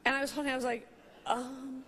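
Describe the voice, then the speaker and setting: Woman comedian, thirties, sharp bright tone, rambling comic monologue, light background noise. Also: high voice, a little fast. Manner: rambling and animated, full of "like" and "you know", laughing at her own story. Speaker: comedian and talk show host.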